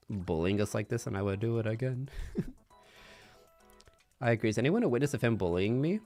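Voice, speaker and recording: A man chats casually on a stream, rambling and thinking aloud with hums and soft laughs. His voice sits fairly low but swings up and down a lot. He is close on a binaural mic over faint music. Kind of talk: casual chat. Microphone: binaural microphone.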